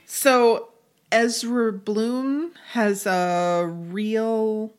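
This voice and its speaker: A woman's voice: a little high, fairly even intonation, drawn-out words, smooth, faint music behind. A woman co-hosting a podcast in a chatty, giggly casual conversation. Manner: chatty, giggly, restarts and trails off. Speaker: podcast co-host. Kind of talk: casual chat.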